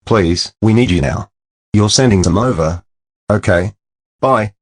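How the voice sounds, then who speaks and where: Brief: computer man as a stern cartoon principal, low and husky, dry sound. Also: unhurried, dry recording. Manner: stern, scolding. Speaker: school principal. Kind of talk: text-to-speech cartoon dialogue.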